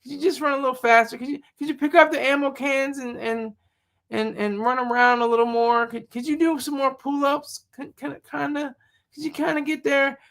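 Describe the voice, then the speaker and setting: A man's voice: extremely high pitch, flat delivery, a little fast, vocal fry, a bit bright, pitched above the performer's own voice, exaggerated voice. A man doing a meek, begging drill instructor. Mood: pleading. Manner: meek, hesitant, overly polite. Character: timid pleading male drill instructor.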